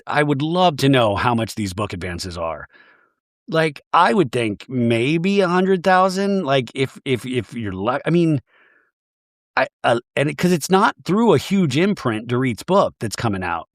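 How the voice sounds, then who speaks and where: Male podcast host, gossipy comic recap, lively pitch, dry close mic. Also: no echo. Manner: rambling and gossipy, many restarts. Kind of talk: comedic TV recap.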